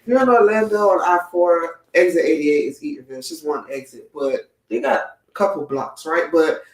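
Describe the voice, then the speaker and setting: A man chatting casually in a book club discussion, sharing local details in a relaxed way. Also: a little high, fairly quick. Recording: roomy sound from a distance.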